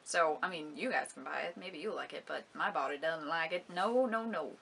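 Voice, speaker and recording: A woman's voice: low voice, fairly quick, vocal fry, heavy background noise. A young woman vlogger chatting casually about beauty products, giggling often and complaining dramatically. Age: young adult. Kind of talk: casual product review vlog.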